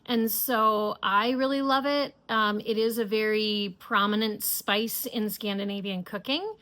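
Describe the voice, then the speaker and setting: A woman's voice: mid-range voice, steady tone, unhurried, fairly bright tone. A middle-aged woman hosting a knitting podcast, chatting casually and enthusiastically with many fillers and restarts. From United States. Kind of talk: casual chat.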